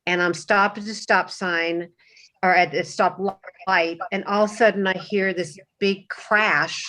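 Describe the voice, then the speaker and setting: A woman speaking on a video call panel, telling a personal story in a halting way with many restarts and fillers. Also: on the low side, fairly even intonation, a bit bright.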